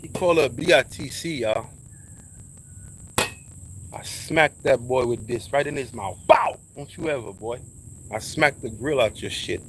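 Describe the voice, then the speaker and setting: A man's voice: a little slow, pauses often, fairly bright tone, a little hiss or hum, low-quality recording. Emphatic New man preaching outdoors. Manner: preachy, emphatic, drops to low asides. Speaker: vlogger giving advice. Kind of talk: casual spoken monologue.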